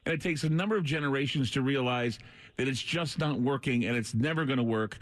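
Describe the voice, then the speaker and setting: Man, radio host, earnest, preaching, mid pitch, dry studio sound. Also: fairly quick, no room sound. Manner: earnest, preaching delivery, briefly choked up. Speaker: radio talk show host. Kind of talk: late-night talk radio.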